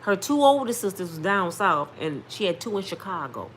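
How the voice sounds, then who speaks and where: A woman in her fifties tells a personal testimony straight to her viewers, emphatic and preacher-like. Her voice sits on the low side for a woman. A faint hiss runs under the recording. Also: very animated, moderate pace, a bit bright. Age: 50s. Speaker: vlogger sharing testimony. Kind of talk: casual storytelling testimony.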